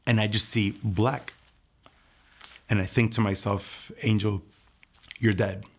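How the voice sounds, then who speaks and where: A young man tells his own testimony, his low voice roughened by gravelly fry. He speaks in a hushed, intense way and often sinks to near a whisper as he recounts the story. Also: level tone, takes it slowly.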